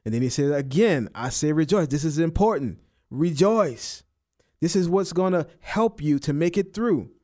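A man preaching to his congregation in a slightly high voice. He leans on repetition, coming back to the same phrases again and again. On the key words his pitch climbs. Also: lively intonation, normal speed, dark tone. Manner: preacherly, repeats and stresses key phrases, rising on emphasis. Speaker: pastor. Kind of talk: sermon.

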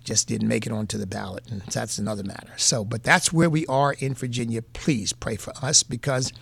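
A man's voice: medium pitch, fairly even intonation, fairly quick, gravelly, fairly bright tone, husky. A man with a New England accent giving earnest, folksy political commentary as a radio host, repeating points for emphasis.

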